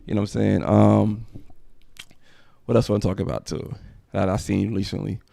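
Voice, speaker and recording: A man's voice: lowish voice, flat delivery, normal speed, creaky, dark tone, dry recording, clean studio sound. A man hosting a casual commentary livestream, rambling conversationally. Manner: rambling, conversational, frequent "you know what I'm saying". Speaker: livestream host.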